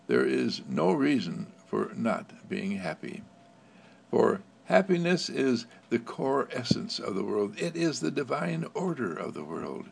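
A man giving an inspirational spiritual talk, with a gentle, repetitive, affirming cadence, often breaking into laughter. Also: mid-range voice, very animated, measured pace, creaky, husky. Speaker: spiritual speaker.

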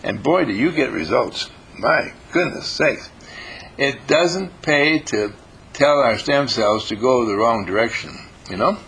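A man's voice: medium pitch, expressive, measured pace, a bit bright, husky, low-quality recording. An older man giving a folksy, informal motivational talk to a group, homespun in manner and slipping into playful quoted voices. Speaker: group teacher.

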